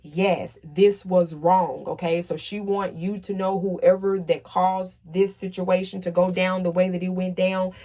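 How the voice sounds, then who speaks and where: In a warm, fairly low voice with little pitch movement, a woman reads tarot casually at a measured pace, hardly pausing. She presses each point emphatically, often following it with "okay?", and swears once she's worked up.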